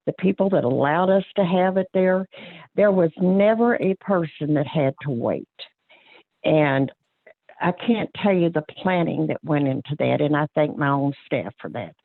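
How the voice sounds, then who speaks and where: A woman's voice: low voice, moderate pace, no room sound. A woman, a county clerk giving plain-spoken, earnest remarks at a public board meeting, with frequent fillers and restarts. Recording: tinny phone-line audio, dry.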